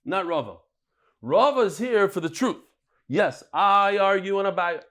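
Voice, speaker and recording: A man, teaching a daily Talmud class in a lively, joking way, acting out the quotes he reads. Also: high-pitched, a little slow.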